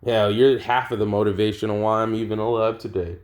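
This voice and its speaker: A man's voice: fairly low pitch, little pitch movement, a little fast, darkish tone, natural voice. A man voicing a one-armed male veteran fighter, nostalgic and rambling, sighing about being the last one left.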